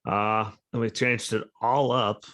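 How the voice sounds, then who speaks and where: A man's voice: fairly low pitch, flat delivery, a little slow, fairly bright tone. A sleep-deprived man hosting a podcast over a video call, talking in a blunt, sarcastic, profane and rambling way. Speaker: podcast host. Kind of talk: casual political chat.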